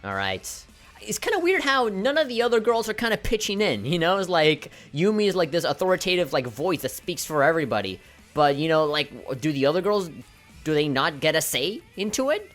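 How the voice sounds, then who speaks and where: Man, game commentary, lively pitch, giggly, faint music behind. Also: a little fast. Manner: giggly, animated, apologetic laughing fits. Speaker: let's play host. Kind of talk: gameplay commentary, reading text aloud.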